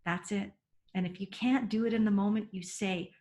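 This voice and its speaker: A middle-aged woman gives parenting advice in a webinar, earnest and emphatic. She laughs easily, doubles back on her words, and keeps her pitch in a middle range. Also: steady tone, moderate pace, mellow.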